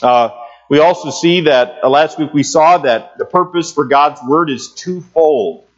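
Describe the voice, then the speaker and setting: A man's voice: fairly high pitch, measured pace, muffled recording. Man teaching a church Bible class. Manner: conversational, many "uh" fillers, asks the class questions. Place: church meeting room.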